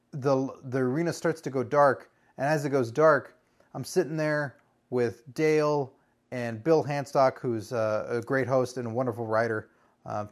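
A man telling a story on a podcast in a casual, animated way, swearing freely and breaking into loud exclamations. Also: medium pitch.

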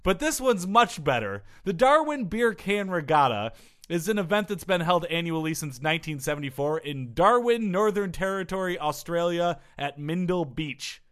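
A man's voice: high voice, moderate pace. A man hosting a comedy podcast, bantering and joking with his co-hosts and laughing often. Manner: jokey, laughs often, animated. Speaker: podcast host.

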